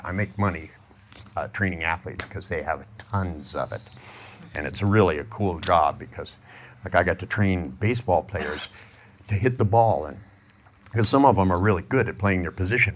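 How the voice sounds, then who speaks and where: A man's voice: low voice, normal speed, a little hiss or hum. A middle-aged man giving a humorous motivational talk to a live audience, joking and acting out little scenes as he tells stories. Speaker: seminar speaker.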